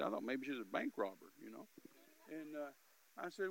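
Older male preacher, gravelly and slightly high, animated storyteller. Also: fairly quick, rough recording. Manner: animated, acts out both voices, builds to loud peaks. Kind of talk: sermon storytelling.

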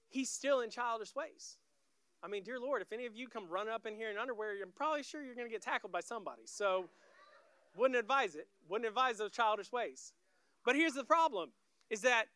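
Bright, clear-voiced man preaching a sermon. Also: high voice, no room sound. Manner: conversational storytelling in short clipped phrases. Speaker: guest pastor.

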